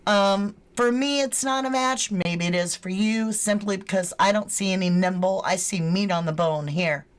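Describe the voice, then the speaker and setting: A woman's voice: medium pitch, moderate pace. A woman hosting a true crime channel, chatting casually with live viewers, greeting them and reading their names aloud, with casual swearing. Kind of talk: casual livestream chat.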